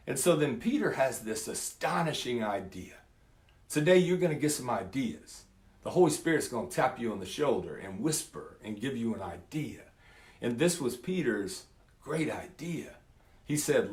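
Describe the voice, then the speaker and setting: A man preaching a casual sermon, reading scripture and then retelling it in a lively, folksy way. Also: medium pitch, moderate pace, reverberant. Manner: lively storytelling, acts out voices in quotes; folksy, says "man" and "y'all".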